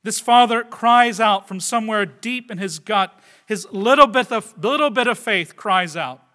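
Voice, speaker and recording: High, bright-voiced male preacher. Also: moderate pace. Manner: earnest, swinging between loud emphasis and quiet asides; addresses the listeners directly with tag questions. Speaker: pastor. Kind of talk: sermon.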